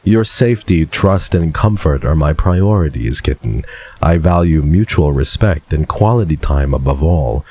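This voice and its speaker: A man's voice: a bass voice, expressive, moderate pace, darkish tone, husky, dry recording, pitched below the performer's own voice, heavily acted. A man doing a suave purring flirt. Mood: seductive. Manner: suave, purring, calls the listener kitten. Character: smug flirtatious man who charms and teases. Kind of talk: dramatic reading in a put-on voice.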